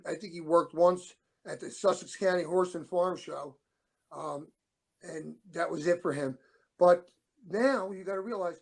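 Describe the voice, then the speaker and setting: This middle-aged man, a former wrestler, co-hosts a talk show and tells rambling stories in a casual way, acting out the dialogue he quotes. His voice sits high and has vocal fry.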